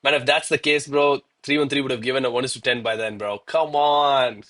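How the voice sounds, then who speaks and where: A man's voice: mid-range voice, fairly even intonation, brisk, fairly bright tone. A man from South India, commenting live on his trades and scolding himself in a casual, exasperated way. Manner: self-critical and exasperated, peppers talk with "bro" and "man". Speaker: live-streaming gold trader. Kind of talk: live trading stream commentary.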